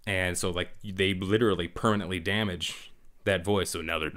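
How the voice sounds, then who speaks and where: A middle-aged man with a very low, deep voice tells stories in a relaxed podcast chat. He acts out little voices and laughs often. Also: a little fast. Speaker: guest, former Marine drill instructor talking about fatherhood.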